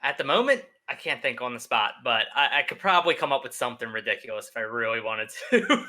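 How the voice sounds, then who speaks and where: A man's voice: mid-range voice, lively intonation, quick pace, sharp tone. A young man, a guest on a gaming podcast, telling stories in a laid-back way, full of fillers and easy laughs. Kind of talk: casual chat.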